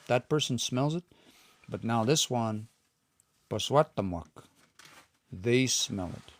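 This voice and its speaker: A man giving a relaxed livestream language lesson, explaining patiently and thinking aloud as he reads out viewer comments. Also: mid-range voice, no echo. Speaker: language teacher.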